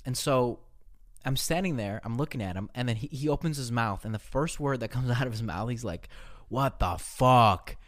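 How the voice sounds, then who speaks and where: A man's voice: mid-range voice, fairly quick. A young man co-hosting a casual podcast, telling rambling, profane stories and laughing as he talks. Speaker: podcast co-host.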